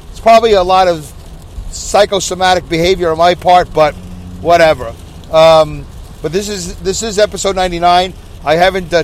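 A man hosting a podcast, rambling casually with lots of fillers and self-mocking asides, recorded in his car on a rainy drive. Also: a little high. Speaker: podcast host. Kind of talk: casual monologue while driving. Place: inside a car on a rainy highway. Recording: recorded in a moving car, faint road noise. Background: rain and road noise.

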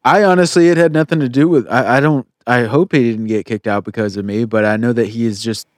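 A man's voice: medium pitch, fairly even intonation, fast talker, no room sound, clean studio sound. A man in casual, crude banter, joking and profane, rambling as he talks.

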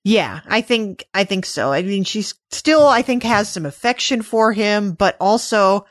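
A woman's voice: mid-range voice, expressive, measured pace, dry recording, clean studio sound. Wry woman co-hosting a podcast. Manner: easygoing, wry, full of comparisons. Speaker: podcast co-host. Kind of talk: casual fan discussion.

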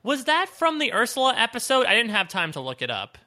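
A man's voice: very high-pitched, brisk. A man co-hosting a TV recap podcast in casual, joking chat. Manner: animated, joking, laughs often. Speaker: podcast co-host.

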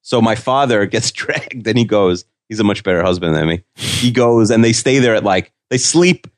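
A man with a fairly low voice chats about an episode in a meandering way, stopping and restarting his sentences and filling gaps with "like." The sound is dry and close to the mic. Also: animated, normal speed, no room sound. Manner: rambling and hesitant, full of "like" and restarts. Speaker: podcast co-host. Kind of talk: casual episode recap chat.

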